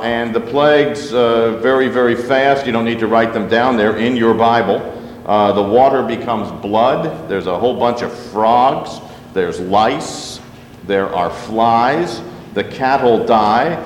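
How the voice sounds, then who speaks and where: A man's voice: mid-range voice, slow pace, a little hiss or hum. A man preaching a sermon to his congregation in a loose, conversational way, full of asides and fillers. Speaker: pastor. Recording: roomy sanctuary with long reverb.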